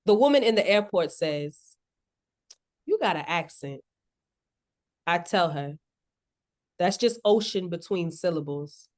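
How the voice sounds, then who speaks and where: A woman's voice: on the low side, animated, measured pace, pauses often, a little mellow. A woman poet from South Florida, chatting in an interview, laughing often, and reading her poem with a rhythmic spoken-word cadence. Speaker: poet guest. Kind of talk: interview chat and poetry reading.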